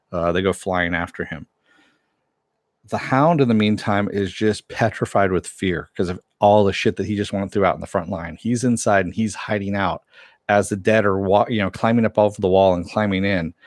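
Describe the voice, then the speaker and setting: A man with a fairly low voice recaps a TV episode in a loose, rambling way. He fills his sentences with "uh" and "you know" and chuckles as he goes. The sound is dry and close, with no room echo. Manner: rambling, filler-heavy, laughs often, chats with viewers. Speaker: show reviewer.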